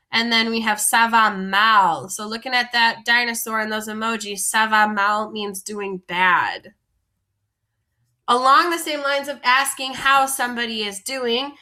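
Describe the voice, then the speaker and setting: A woman's voice: on the high side, sharp tone. A woman teaching French vocabulary in a patient, explanatory lesson, often recapping and repeating terms.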